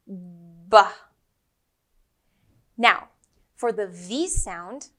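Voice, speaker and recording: A woman with a Brazilian accent teaching English pronunciation, slowly modelling each sound for learners to repeat. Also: on the high side, bright, forceful tone. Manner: slow, exaggerated modelling of sounds. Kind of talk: pronunciation lesson.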